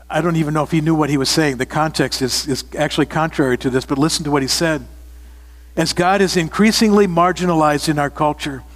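A man's voice: fairly high pitch, big-room sound. A man preaching a sermon, earnest and direct, often repeating phrases for emphasis and asking his listeners questions. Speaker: pastor.

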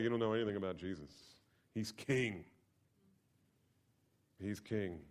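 A male pastor preaching a sermon, asking rhetorical questions and moving from quiet lines to emphatic ones. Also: fairly low pitch.

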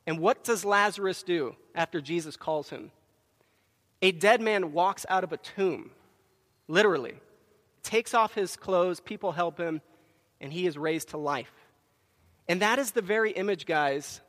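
Man, preacher, sermon, high voice, emphatic storytelling, microphone, reverberant church hall. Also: moderate pace, fairly bright tone. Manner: storytelling with acted quotes, emphatic. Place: church sanctuary.

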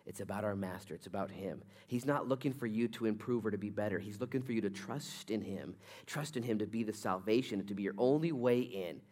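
A man preaching a sermon as pastor, telling a story with lively swings between loud, excited bursts and quiet, low-toned stretches. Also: fairly quick.

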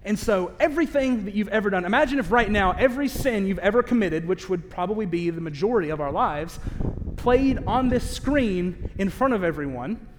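A man preaching a sermon in a candid, conversational way, with self-aware asides and slow, emphatic stress on key phrases. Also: sits high, lively intonation, slight background noise. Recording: long reverb of a large hall.

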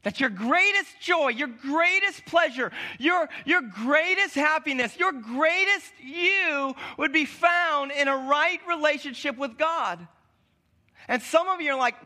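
A male preacher giving a sermon in a loose, conversational style, full of restarts and sudden drops to a hushed tone. His voice is very high for a man. It sounds bright and sharp. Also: expressive, unhurried.

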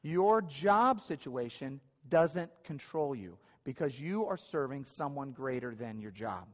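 A man's voice: mid-range voice, lively intonation, measured pace, long reverb tail. A man preaching a sermon to his church in a conversational way, often restarting and repeating phrases. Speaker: pastor. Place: church hall.

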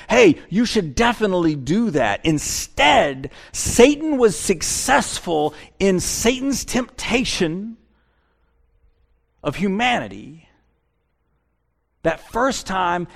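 A pastor giving a sermon and reading scripture. He is animated and repeats words as he speaks. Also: high-pitched, vocal fry.

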